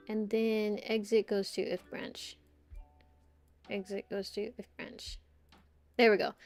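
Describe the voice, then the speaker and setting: A woman's voice: mid-range voice, a bit bright. A young woman chatting casually on a live stream, rambling and giggling, muttering to herself while she works.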